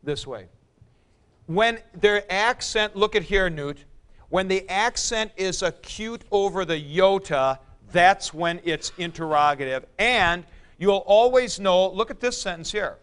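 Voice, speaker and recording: A man teaching a Greek grammar class in a classroom, explaining slowly and calling on students by name. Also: high-pitched, animated, fairly bright tone, clean tone. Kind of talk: classroom lecture.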